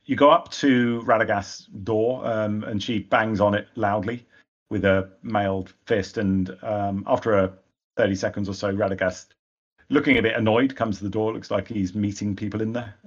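A man's voice: fairly low pitch, fairly even intonation, moderate pace, dull audio. A man narrating as game master of a tabletop game, rambling with frequent hesitations.

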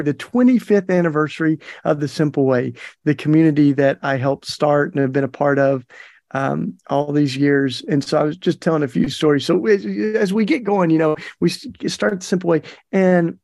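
Gravelly middle-aged man telling stories. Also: a little high, fairly even intonation, moderate pace, darkish tone, no room sound, clean studio sound. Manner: chatty, folksy, lots of fillers and laughs. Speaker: podcast host. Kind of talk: casual storytelling monologue.

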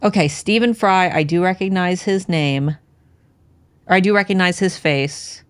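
A woman's voice: fairly low pitch, unhurried, dry recording. Dry-sounding chatty woman co-host. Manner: rambling, many restarts and fillers. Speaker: podcast co-host. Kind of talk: casual chat.

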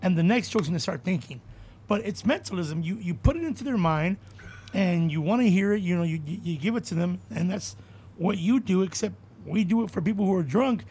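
A man's voice: high-pitched, animated, fairly quick, darkish tone, breathy edge. A man, a comedian hosting a podcast, talking in a casual, rambling, profane way. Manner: rambling, profane, laughs readily. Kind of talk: casual chat.

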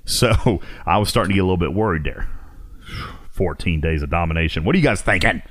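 A man hosting a podcast, chatting casually and excitedly about a mobile game, laughing often and restarting sentences. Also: deep voice, quick pace, no echo. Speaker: podcast host.

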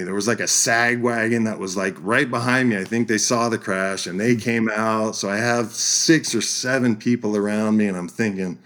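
A man with a fairly low voice, a podcast guest telling a story in a casual, animated way. He keeps laughing as he talks. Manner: animated storyteller, laughs through his lines.

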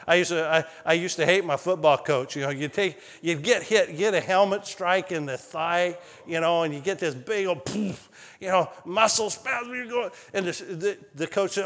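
A man preaching a sermon as pastor, telling stories in an animated way that climbs high when excited. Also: normal speed. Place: church sanctuary. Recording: long hall reverb.

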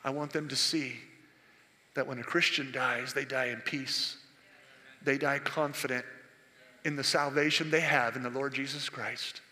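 A man voicing God, low and hushed. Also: fairly even intonation, a little slow, long reverb tail. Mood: solemn. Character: God, a calm, solemn male deity.

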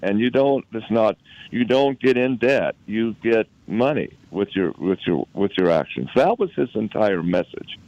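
A man from Utah, a guest recounting a personal story in conversation, halting and often repeating words as he recalls events. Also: on the low side, lively intonation, a little mellow, no room sound, dull audio.

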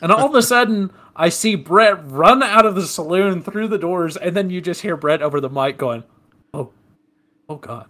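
A man's voice: sits high, normal speed, few pauses. A man in his twenties, a podcast co-host, telling gaming stories in casual chat and laughing as he goes. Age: 20s. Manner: animated storyteller, laughs while telling.

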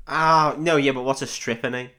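A man's voice: medium pitch, steady tone, normal speed, pushed and bright. A man co-hosting a podcast in casual chat, joking crudely and laughing often. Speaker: podcast co-host.

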